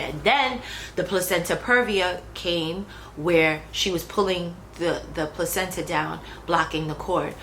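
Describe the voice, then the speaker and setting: A woman's voice: on the low side, takes it slowly, fairly bright tone, low-quality recording. A young adult woman talking casually about her own pregnancy, chatty, with fillers and restarts. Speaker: vlogger. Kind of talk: casual personal storytelling. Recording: faint background noise.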